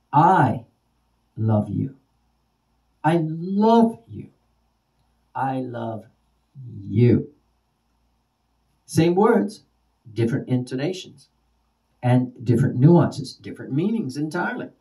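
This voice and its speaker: Mellow-voiced male teacher, slightly distant. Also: fairly high pitch. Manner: repeats example words slowly with varied stress. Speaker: ESL teacher. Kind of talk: spoken lesson for teachers.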